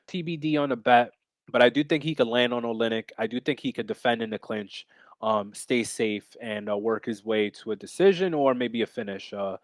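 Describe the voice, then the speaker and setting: A man's voice: mid-range voice, no echo, studio quality. A man co-hosting a fight betting podcast, talking in a brash, rambling way with lots of fillers and swearing. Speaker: podcast co-host and MMA bettor. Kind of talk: casual betting chat.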